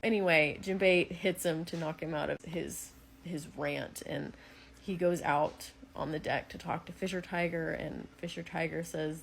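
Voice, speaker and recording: A woman's voice: low voice, fairly even intonation, unhurried, creaky, slight background noise, rough recording. A woman recapping a manga story in an earnest, thoughtful casual way. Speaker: manga reaction creator.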